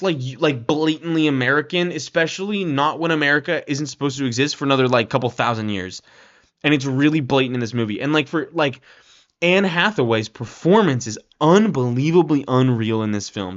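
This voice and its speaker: A man's voice: fairly high pitch, fairly bright tone, dull audio. A man giving a casual, rambling film review rant, leaning on "like" and "right?" and swearing now and then.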